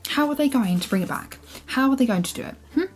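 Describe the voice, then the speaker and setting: A young woman reacting out loud to a book she is reading, exasperated, swearing and scolding the characters, sometimes dropping to a whisper. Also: high voice, expressive, fast. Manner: drops into whispers at times. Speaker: book vlogger. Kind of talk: casual reading vlog reactions.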